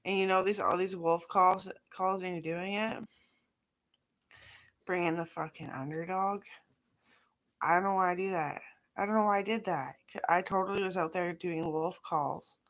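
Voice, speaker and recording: Rambling, profane woman with a low voice. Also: fairly even intonation, moderate pace, fairly bright tone. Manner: profane, scattered, talks in run-on asides. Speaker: vlogger. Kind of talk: rambling casual monologue.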